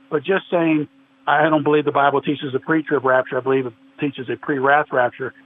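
A man's voice: a little high, brisk. Earnest man on a tinny line. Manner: earnest, quotes scripture at length. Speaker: podcast guest. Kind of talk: theological discussion. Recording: tinny phone-like line with faint noise.

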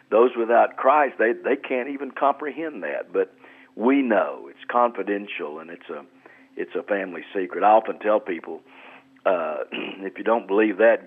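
A man, a pastor, explaining scripture in an earnest radio interview, often repeating words as he restarts. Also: lowish voice. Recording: tinny phone-like radio line.

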